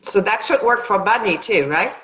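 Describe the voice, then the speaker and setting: A woman's voice: mid-range voice, lively intonation, normal speed, fairly bright tone, roomy sound, low-quality recording. A woman hosting a casual interview, asking questions and reacting with enthusiasm. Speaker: interview host.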